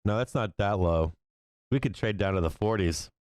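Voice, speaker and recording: A man's voice: on the low side, moderate pace, darkish tone, smooth, dry recording. A man hosting a live stock market stream, swearing a lot and reacting with disbelief and frequent laughter. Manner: profane, incredulous, laughing often. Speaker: stock market livestream host.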